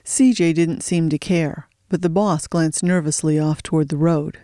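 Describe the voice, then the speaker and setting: A narrator reading a thriller audiobook in a steady storytelling voice, slowing for suspense. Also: medium pitch, dry recording, studio quality.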